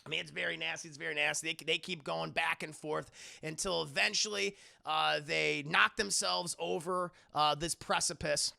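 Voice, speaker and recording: A man streaming a casual movie recap to his live chat, animated, swearing and laughing as he tells it. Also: a little high, moderate pace, gravelly, no echo.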